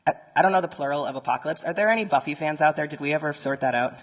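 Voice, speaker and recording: A man's voice: on the high side, racing. A man giving a conference talk to a live audience, speaking conversationally and turning to the room with nerdy asides. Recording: long reverb from a large conference hall.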